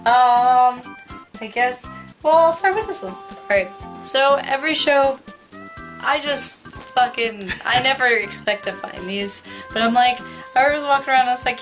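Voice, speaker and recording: A woman co-hosting a casual video, her voice a little hoarse, talking in a laid-back way and swearing freely. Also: sits high, a little slow, over music, rough recording. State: voice a bit hoarse. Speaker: channel co-host. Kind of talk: casual chat.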